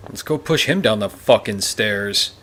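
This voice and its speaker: Lowish dude doing let's play commentary, slow, sarcastic, swears a lot, clicks audible. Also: male voice, expressive, fairly bright tone, a little hiss or hum. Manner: profane, sarcastic and blunt. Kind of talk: gameplay commentary.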